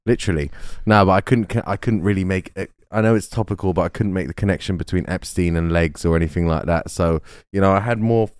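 Smooth-voiced man teasing on a podcast. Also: low-pitched, fast talker, few pauses, no echo. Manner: dry, teasing humor. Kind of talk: casual chat.

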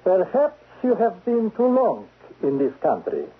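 Menacing spy chief, high husky voice, lively pitch, tinny old radio sound. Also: male voice, unhurried, full character voice. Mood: icy. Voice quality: stern, clipped, sarcastic. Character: cold menacing male foreign spy chief. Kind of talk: 1970s radio drama acting. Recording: lo-fi narrow-band radio recording.

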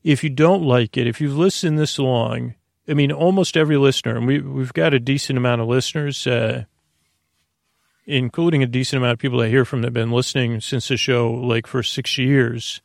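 Male sleep-podcast host, goofy and meandering, gravelly, dry close mic. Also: medium pitch, steady tone, fairly quick, no echo. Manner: goofy, meandering, full of self-corrections. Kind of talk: rambling sleep podcast monologue.

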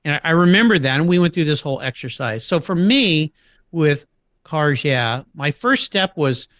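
Lively bright-voiced middle-aged man. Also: fairly high pitch, brisk, no echo, studio quality. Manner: animated anecdotes, acts out quoted voices, laughs often. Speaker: podcast guest. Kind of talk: casual interview storytelling.

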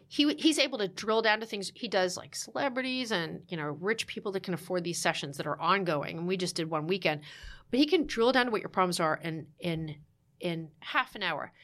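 A woman guest telling a candid story in conversation, animated, with restarts, fillers and laughing asides. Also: medium pitch, moderate pace. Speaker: podcast guest.

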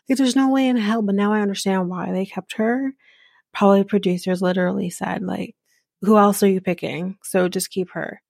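Blunt woman ranting on her recap podcast, slow and gravelly, swears a lot. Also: mid-range voice, darkish tone, no room sound, clean studio sound. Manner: frustrated, blunt, swears often. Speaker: podcast host recapping a reality show.

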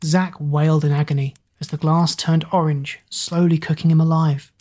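A woman narrating a dramatic fantasy story aloud in a steady, dramatic way. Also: low voice, moderate pace. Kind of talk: storybook reading.

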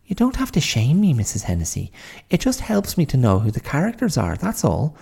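Male reader voicing an insistent young girl, pitched well up, lively, a bit husky. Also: brisk, heavily acted. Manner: polite but insistent. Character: young girl, earnest, bright, stubborn.

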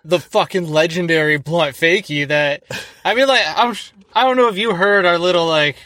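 Excitable man with a higher voice, dry sound. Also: normal speed, no room sound. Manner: excitable, rambling, lots of fillers and swearing. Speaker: podcast host. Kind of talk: casual podcast interview.

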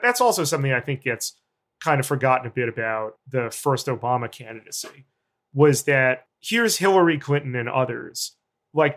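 Guy being interviewed, mid pitch, slow careful analytic run-on sentences. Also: a bit bright. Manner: long deliberate analytic sentences. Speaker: guest journalist.

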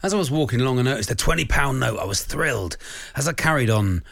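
A man co-hosting a radio talk show, trading jokes and laughing often. His pitch swings widely as he talks. The sound is dry and close. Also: lively intonation, fast, creaky, a bit bright, no room sound. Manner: jokey, laughs often, reads listener messages. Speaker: radio co-host. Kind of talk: casual radio banter.

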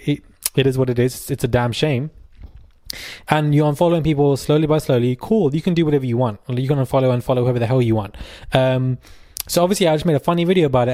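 Chatty sarcastic British podcast host. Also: male voice, medium pitch, a little mellow, no room sound, studio quality. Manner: chatty, sarcastic, rambling with fillers. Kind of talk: casual chat.

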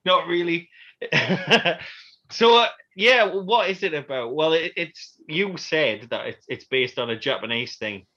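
A man's voice: fairly high pitch, lively intonation, a little slow, pushed and bright, lo-fi sound. A man co-hosting a podcast in casual chat, joking, laughing often and tagging questions onto his remarks. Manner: jokey, laughs often, adds tag questions. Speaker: podcast co-host.

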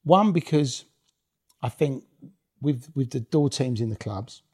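This man's mid-range voice is warm and breathy at the edges, animated yet unhurried. Once a rave promoter, he's now an interview guest sharing casual, swear-laden stories bluntly and laughing along the way.

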